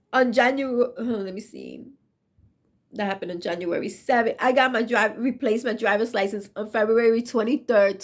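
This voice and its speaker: A woman's voice: mid-range voice, a bit bright. A woman in her thirties earnestly telling a personal faith testimony in a casual, emotional way, repeating herself for emphasis. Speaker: vlogger sharing a testimony.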